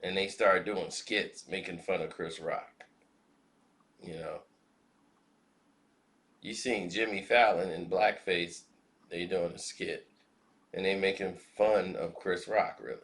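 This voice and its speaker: A male commentator with a lowish, gravelly voice talks slowly and deliberately. His tone is bright and forceful, and he lets rhetorical questions hang for effect. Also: fairly even intonation. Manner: measured, reflective, asks rhetorical questions. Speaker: commentary vlogger. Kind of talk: spoken commentary.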